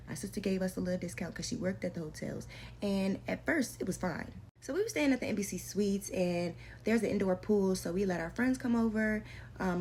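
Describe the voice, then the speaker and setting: Young woman, storytime vlog, casual, slangy, emphatic, repeats for effect, mid-pitched voice. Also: a little mellow, a little hiss or hum.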